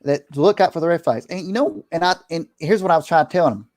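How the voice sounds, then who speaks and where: A man's voice: fairly high pitch, quick pace, a little mellow, no echo, studio quality. A middle-aged man, a preacher, talking earnestly in casual conversation, rambling with restarts and slipping into preachy advice.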